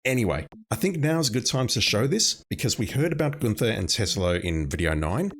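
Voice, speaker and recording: A man's voice: medium pitch, very animated, a little fast, a bit bright. A man narrating a game playthrough, summarizing the story in a dry, wry way with joking asides. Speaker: let's play narrator. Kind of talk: casual game commentary and summary.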